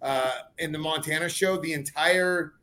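A man's voice: on the high side, moderate pace, pushed and bright, slight background noise. A man who competes in combat sports, talking casually on a podcast with many fillers and restarts. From California. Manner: rambling, filler-heavy, restarts often. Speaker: fighter and podcast guest. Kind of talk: casual chat.

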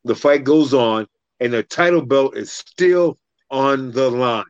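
A man's voice: medium pitch, takes it slowly, clear, resonant tone, dry recording, dull audio. A man telling a fight story in a casual podcast chat, swearing freely and acting out the other people in it. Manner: profane, animated, acts out the other voices in his story.

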